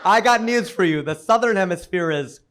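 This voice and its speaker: A man from the United States doing a stand-up comedy set, with an animated, incredulous punchline delivery. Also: high voice, normal speed, background noise.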